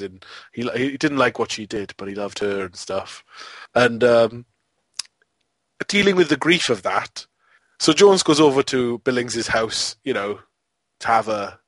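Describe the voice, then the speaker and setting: A man's voice: medium pitch, a bit bright, no room sound. A man co-hosting a podcast, rambling through a film review in a casual, amused way and often breaking into laughter. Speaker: podcast co-host.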